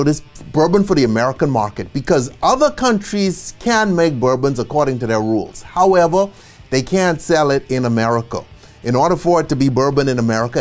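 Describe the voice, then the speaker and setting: A man giving an instructional bartending lesson, chatty and animated, who often checks in with a quick "okay?" and adds joking asides. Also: a little high. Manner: casual and chatty, with asides and small laughs.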